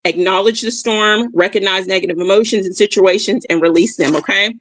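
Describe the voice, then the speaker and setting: A woman's voice: mid-range voice, a little fast, no echo. A woman hosting a motivational livestream. She repeats her key phrases and keeps checking in with her listeners. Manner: addresses listeners warmly as "y'all". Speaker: livestream host. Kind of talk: motivational reflection talk. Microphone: streaming mic.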